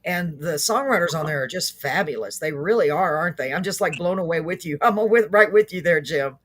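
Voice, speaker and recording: A woman hosting a live online talk show, bubbly and quick, laughing often as she chats with her guests. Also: on the low side, animated. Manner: bubbly, laughs a lot, fast-talking. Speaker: host.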